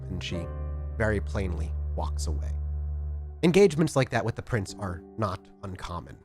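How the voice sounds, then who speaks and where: Lively male storyteller narrating. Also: low-pitched, moderate pace, over music. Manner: lively, descriptive narration with fillers. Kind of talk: narrating a tabletop role-playing game.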